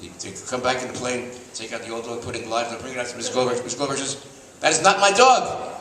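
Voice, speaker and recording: A man's voice: medium pitch, flat delivery, rapid-fire, a bit bright. An older man telling rambling show-business anecdotes on stage before a live audience, restarting often. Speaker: stand-up storyteller, veteran TV host. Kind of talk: stand-up anecdotes. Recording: echoey room, mic at a distance, faint ambience.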